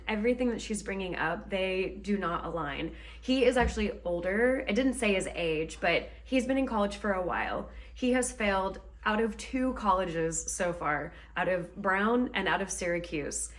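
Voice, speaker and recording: Chatty woman vlogging quietly outdoors. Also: mid-range voice. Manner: chatty, talking more quietly than usual. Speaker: book vlogger. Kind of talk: casual reading vlog chat.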